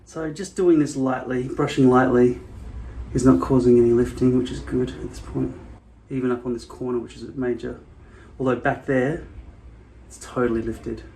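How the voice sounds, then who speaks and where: A man's voice: medium pitch, steady tone, moderate pace, vocal fry, warm tone, slight background noise. Rambling, frank-talking man vlogger. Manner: rambling, frank, swears casually. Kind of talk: casual vlog talk.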